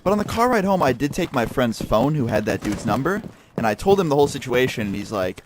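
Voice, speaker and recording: A man's voice: mid-range voice, quick pace, very noisy. A young man, a YouTuber, telling a story casually and animatedly, with lots of swearing. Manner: animated, profane, heavy swearing. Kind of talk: casual storytelling over gameplay. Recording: game sounds and gunfire behind voice. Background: gunfire and clicks from a game.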